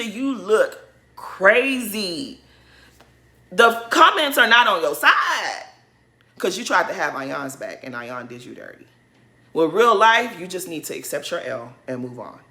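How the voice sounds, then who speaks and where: A woman's voice: fairly high pitch, sharp tone. A woman giving casual, emphatic commentary in a recap vlog, speaking with a sassy, opinionated manner. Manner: sassy, emphatic, mocks others in put-on voices. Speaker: reality TV recap vlogger.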